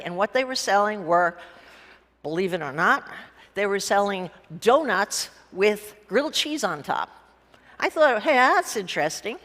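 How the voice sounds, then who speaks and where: A woman's voice: mid-range voice, a bit bright. Blunt, joking woman speaker in a reverberant hall. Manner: blunt and joking, with casual profanity. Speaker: conference speaker, businesswoman. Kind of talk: humorous storytelling talk. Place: conference stage before a live audience.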